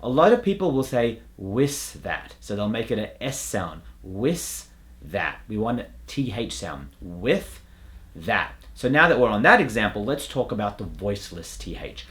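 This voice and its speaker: Lively accent coach man. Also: fairly low pitch. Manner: demonstrates sounds slowly and clearly, repeating word pairs. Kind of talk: pronunciation lesson.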